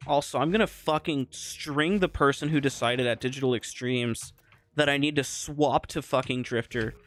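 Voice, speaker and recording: A young man with a medium-pitched, fairly bright voice rants angrily at a moderate pace while playing a video game, swearing often after losing a fight. He's a gamer streamer, and this is a casual gameplay rant.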